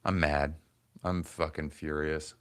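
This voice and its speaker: A man's voice: very deep voice, flat delivery, takes it slowly, clear, resonant tone, no echo. A man in his forties hosting a casual livestream, rambling and swearing as he grumbles to his chat. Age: 40s. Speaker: comedian livestream host.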